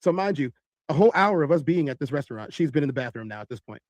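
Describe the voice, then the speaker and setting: A man telling a long story in animated style, acting out other people's voices. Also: a little high, rapid-fire, no room sound. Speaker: podcast host telling a story.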